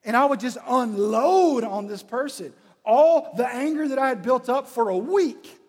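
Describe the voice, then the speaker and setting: A man giving a humorous storytelling talk, animated and acting out bits of dialogue. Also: extremely high pitch, a little slow. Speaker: speaker. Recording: reverberant hall.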